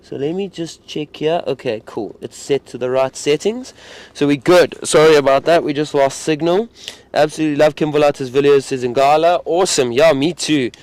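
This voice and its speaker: A man's voice: a little high, moderate pace, a little mellow. A man with a South African accent, a safari guide chatting casually on a live stream from an open vehicle and reading out viewer comments.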